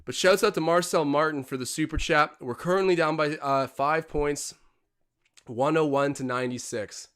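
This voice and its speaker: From home, a young man hosts a livestream commenting live on a basketball game, his voice a touch higher than most men's and clean in tone at a moderate pace. He sounds out of breath and excitable, his pitch and volume jumping on big plays before he settles back into casual chat.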